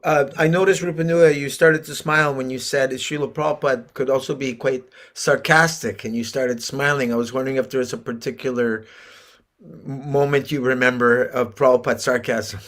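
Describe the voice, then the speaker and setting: A man hosts the conversation over a video call. He asks curious questions and often laughs along. His voice sits at an ordinary middle pitch. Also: fairly even intonation, fairly quick, fairly bright tone. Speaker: host. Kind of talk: interview conversation.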